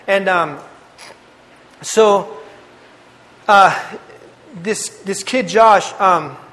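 A young man giving a casual, animated testimony to a youth group, telling his story with slang. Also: high voice, drawn-out words. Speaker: youth speaker. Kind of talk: testimony sermon. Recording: long hall reverb.

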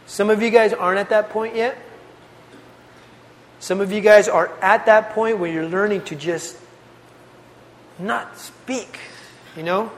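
A man delivers a youth sermon in an earnest, conversational way, looping back on his phrases for emphasis. His voice sits high. The sound carries a long reverb from a large hall. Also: steady tone, unhurried, long pauses, slight background noise. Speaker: youth pastor.

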